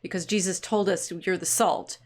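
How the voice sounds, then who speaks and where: Female podcast co-host, lowish voice, earnest and searching in her phrasing. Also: fairly even intonation, moderate pace. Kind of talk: casual conversation.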